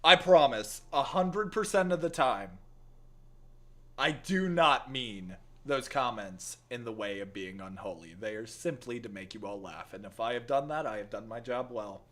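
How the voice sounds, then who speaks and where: Streaming games, a man trades jokes and teasing with chat, his put-on playful accent repeatedly slipping. He has a mid-range voice with a sharp tone and speaks at normal speed in this casual live-stream chat.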